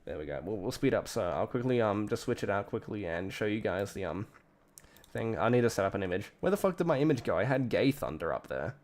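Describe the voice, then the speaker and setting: This Australian streamer speaks fast in a lowish, sing-song voice with a darkish tone. Broadcasting from a home setup, he rambles profanely in casual commentary, repeatedly abandoning thoughts partway through.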